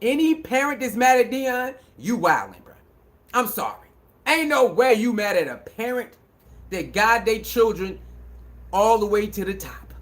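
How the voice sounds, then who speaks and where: A man with a high voice talks in a casual sports commentary monologue. He is emphatic and repetitive and preaches a little, with lots of slang. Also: sing-song, measured pace.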